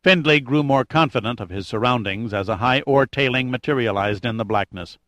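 A man narrating an adventure audiobook in a steady, measured way with light drama. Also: mid-range voice, no echo. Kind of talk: scripted narration.

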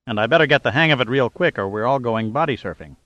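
A man's voice: medium pitch, animated, fast, fairly bright tone, no echo, lo-fi sound, close to an everyday voice. A man reading a wry male adventurer hero with dry wisecracks.

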